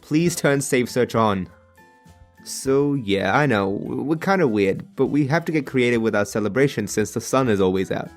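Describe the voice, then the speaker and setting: A man with an Australian accent telling a humorous animated story in an expressive, jokey way that bursts into exasperated rants. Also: mid-range voice, moderate pace, soft background music.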